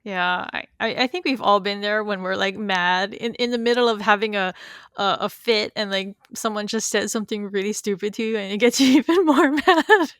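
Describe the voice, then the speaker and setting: A woman's voice: mid-range voice, moderate pace, fairly bright tone, no echo, studio quality. A middle-aged woman co-hosting a podcast, chatting casually and laughing often as she recaps a show. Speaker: podcast co-host. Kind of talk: casual chat.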